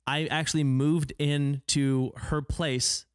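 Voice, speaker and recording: A man from Oregon, a podcast guest, telling stories in a casual chat, animated and full of fillers, acting out what people said. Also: a little high, slow pace, clean tone, dry recording, clean studio sound. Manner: animated, many fillers, acts out quoted dialogue.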